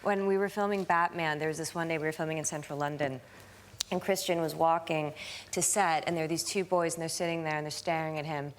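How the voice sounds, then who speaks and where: A woman's voice: low voice, fairly even intonation, fairly quick. A woman, an actor guest on a talk show, telling giggly, self-aware stories in casual chat.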